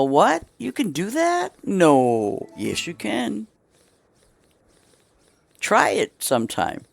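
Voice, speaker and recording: A woman's voice: deep voice, dry recording. A middle-aged woman streaming a game, chatting casually in a rambling way with many restarts and asides.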